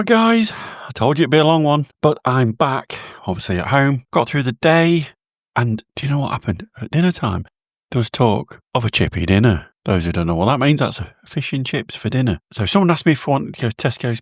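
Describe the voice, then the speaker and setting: Chatty British man with a low voice. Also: dry recording, clean studio sound. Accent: British English. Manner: chatty, rambling, self-deprecating. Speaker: vlogger. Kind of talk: casual video diary.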